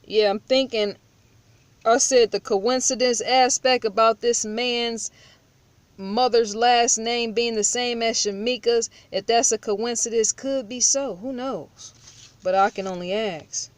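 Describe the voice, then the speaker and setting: A woman's voice: a little high, fairly even intonation, slow pace, no echo. Firm, blunt woman vlogger. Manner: rhetorical questions, repeats herself. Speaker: true-crime commentator. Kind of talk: casual vlog commentary.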